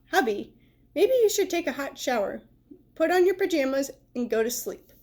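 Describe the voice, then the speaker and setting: A woman voicing a patient, caring mother who gently lectures her young son, in a storybook read-aloud. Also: sits high, sing-song, normal speed. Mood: gently lecturing.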